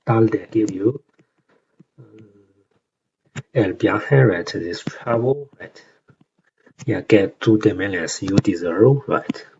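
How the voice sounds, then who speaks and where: Young man, Chinese accent, low voice, halting tutorial delivery, dull lo-fi mic. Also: gravelly, a little mellow, slight background noise. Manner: hesitant, many fillers and tag questions. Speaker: language learner explaining song lyrics. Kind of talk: casual tutorial explanation.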